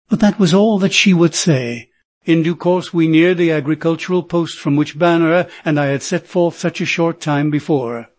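Male audiobook narrator, steady measured read, slightly high voice. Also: no echo. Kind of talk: scripted narration.

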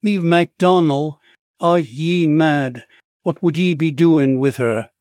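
A man's voice: on the high side, takes it slowly, darkish tone, dry recording, studio quality. A man reading an audiobook, voicing a burly, drunken longshoreman with a thick Irish brogue who stammers in fright. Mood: fearful. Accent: Irish brogue (put on). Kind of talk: audiobook character voice.

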